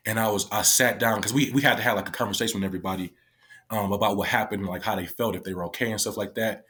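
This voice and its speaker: A man's voice: lowish voice, steady tone, quick pace, a bit bright. A man casually recounting a personal story, candid and emotional, swearing often and acting out what others said. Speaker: guest, former youth detention worker.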